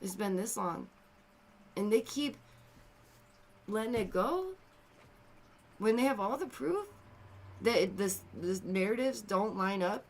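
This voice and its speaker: A woman hosting a casual commentary video, animated and exasperated, swinging between loud outbursts and quiet, somber asides. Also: mid-range voice, takes it slowly, long pauses.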